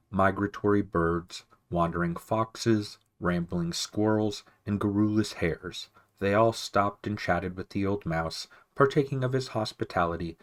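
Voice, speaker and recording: A man narrating a children's novel aloud in a calm, measured reading. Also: low-pitched. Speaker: audiobook reader. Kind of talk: storybook narration.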